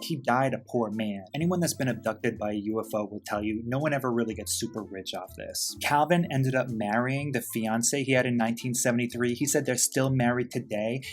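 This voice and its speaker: A man hosting a casual storytelling vlog, chatty, campy and irreverent. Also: medium pitch. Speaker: host, storyteller.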